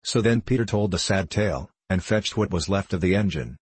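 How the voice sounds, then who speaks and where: A man reading a children's storybook aloud in a measured, even narration. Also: low voice, husky, dry recording. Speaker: audiobook narrator.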